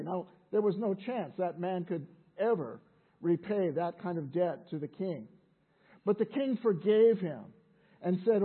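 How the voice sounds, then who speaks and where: A man's voice: sits high, animated, a little slow, slightly rough. A man preaching a sermon in a conversational way, often repeating words as he restarts. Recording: tinny phone-like sound.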